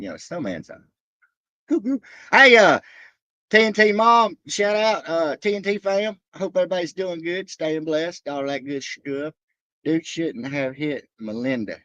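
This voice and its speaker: Excitable, lively-voiced trucker man rambling. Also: medium pitch, no room sound, dull audio. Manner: rambling, excitable, loose and profane, shouting out viewers. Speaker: trucker live-streaming to viewers. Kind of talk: casual rambling livestream chat. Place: truck stop.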